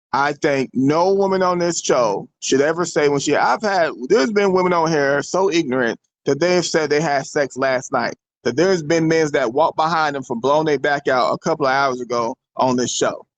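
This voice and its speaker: A man's voice: on the high side, no echo, low-quality recording. A man hosting a casual opinion show, talking bluntly and emphatically, with some swearing. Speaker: show host.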